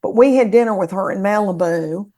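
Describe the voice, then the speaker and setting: A woman's voice: mid-range voice, fairly quick. A woman with a Southern American accent, a comedian telling folksy stories in a casual podcast chat. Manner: folksy, animated storyteller. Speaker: guest comedian.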